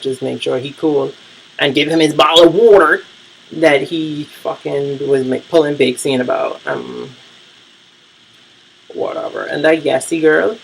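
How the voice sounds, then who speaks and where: Gravelly, blunt TV-recap vlogger. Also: medium pitch, slight background noise, low-quality recording. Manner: blunt, profane and rambling, with frequent fillers. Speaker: vlogger reviewing TV shows. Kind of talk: casual TV recap rant.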